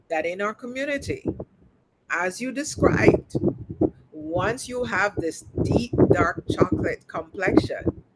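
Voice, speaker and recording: A woman hosting an interview, speaking earnestly and with emphasis. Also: mid-range voice. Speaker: interview host. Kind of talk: interview conversation. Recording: loud clicky background noise.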